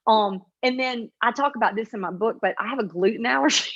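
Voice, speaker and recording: A woman with a flat, nasal upstate South Carolina Appalachian accent, chatting in an interview with lots of fillers and restarts. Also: a little high, fairly quick, lo-fi sound. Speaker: author and comedy creator. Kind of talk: interview answers.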